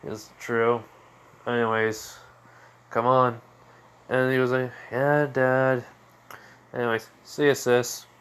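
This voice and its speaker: A young man improvises a story aloud in a loose, rambling way, stopping and restarting often. His voice sits in an ordinary middle pitch, casual throughout. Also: level tone, slow, long pauses, fairly bright tone, clean tone. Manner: rambling, full of fillers and restarts. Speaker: fan storyteller.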